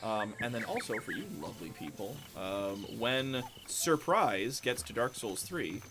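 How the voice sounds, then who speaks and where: A man's voice: mid-range voice, lively intonation, a little slow. A man streaming a video game, chatting casually with a co-streamer, swearing a lot and laughing often. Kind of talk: casual gaming stream chat. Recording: game music behind the voice.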